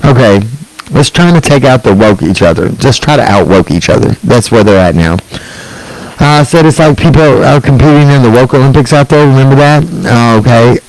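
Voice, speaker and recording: A man's voice: mid-range voice, expressive, fairly quick, dry recording, poor audio. A middle-aged man hosting a solo online show, ranting bluntly and profanely, rambling with restarts and asides.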